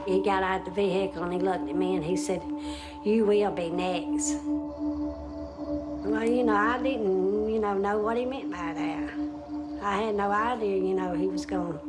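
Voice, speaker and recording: Hesitant woman over loud music. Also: mid-range voice. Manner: hesitant, many fillers. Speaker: interviewee. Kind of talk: interview recollection.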